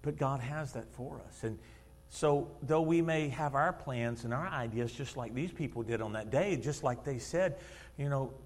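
A man in his fifties preaching a sermon in a church, telling stories in an animated way, acting out quotes and laughing often. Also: mid-range voice, normal speed. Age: 50s. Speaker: lay preacher and schoolteacher. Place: church sanctuary. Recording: long reverb of a church hall.

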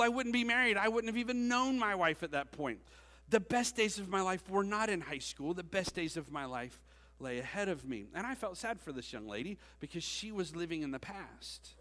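This high-pitched man has lively intonation, a moderate pace, and a slightly bright sound. In his forties, he serves as a youth pastor, delivering a conversational sermon full of jokes to the congregation inside a church sanctuary that rings with long reverb.

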